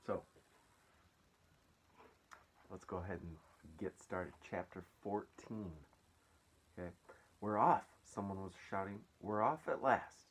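A man reading a children's book aloud chapter by chapter, with friendly, chatty asides to his listeners. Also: low voice. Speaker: story reader.

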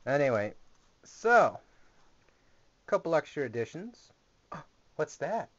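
A man's voice: fairly high pitch, big pitch swings, slow, a bit bright. Rambling young man with lo-fi audio. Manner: rambling, jokey and sarcastic. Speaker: vlogger. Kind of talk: casual home video tour. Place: small gaming closet indoors.

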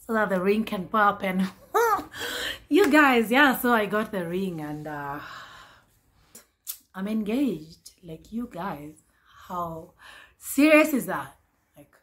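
A woman in her twenties chatting to camera as a vlogger, excitable and repeating her phrases. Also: fairly low pitch. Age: 20s. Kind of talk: casual chat to camera.

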